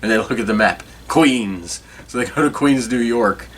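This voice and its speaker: A man's voice: medium pitch, fast talker, a bit bright. A man in his forties hosting a podcast, chatting casually and rambling with frequent chuckles. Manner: rambling, chuckling, self-correcting. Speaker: podcast host. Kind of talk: casual nostalgic chat.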